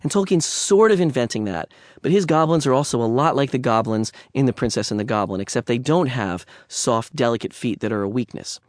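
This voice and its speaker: A man's voice: mid-range voice, brisk, no room sound, clean studio sound. A man lecturing on literature in a conversational way, with digressions and wry asides.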